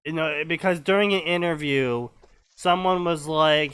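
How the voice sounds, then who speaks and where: A man co-hosting a comedy stream, reading fanfiction aloud with sarcastic commentary and sudden loud outbursts. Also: fairly high pitch, unhurried, clear, resonant tone, no echo.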